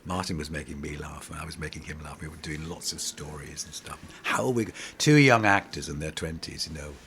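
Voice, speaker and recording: A middle-aged man with a very low, gravelly voice tells rambling stage stories, restarting often as he goes. He sounds lively and conversational, as in an interview. A faint hiss sits under the recording. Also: a little fast. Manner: animated, rambling anecdotes with many restarts. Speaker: pantomime actor, interview guest. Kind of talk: casual interview storytelling.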